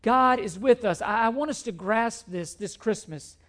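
High-voiced man preaching a sermon. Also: normal speed. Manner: repetitive, emphatic preaching with scripture quotes. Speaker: pastor.

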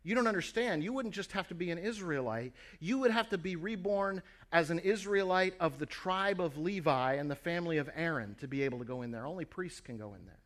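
Male preacher, slightly higher voice, earnest storyteller who talks directly to the congregation. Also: lively intonation, brisk, hardly any pauses, fairly bright tone. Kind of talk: sermon.

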